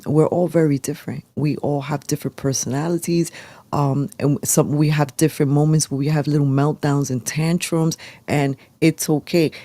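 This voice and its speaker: A woman's voice: sits low, dark tone, no echo. A woman from New York City, co-hosting a casual political livestream, talking animatedly and slipping phrases into her English. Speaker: livestream co-host.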